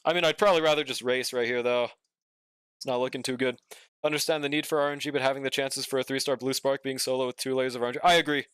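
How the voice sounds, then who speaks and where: A young man streams a game in a fast, fairly evenly pitched, medium-range voice that's a bit bright, clear and resonant. He's laid-back and drawling, yawning and sleepy as he reads and answers chat, chatting casually and swearing often. The recording is dry and studio quality.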